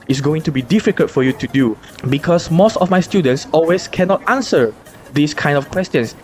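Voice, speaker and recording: A woman teacher, explaining grammar in an online lesson, spelling out letters slowly and asking rhetorical questions. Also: sits low, darkish tone. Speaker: English teacher.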